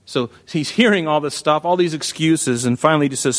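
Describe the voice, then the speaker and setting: A male pastor preaching an animated sermon, acting out Bible figures as he goes. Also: on the high side, a little fast.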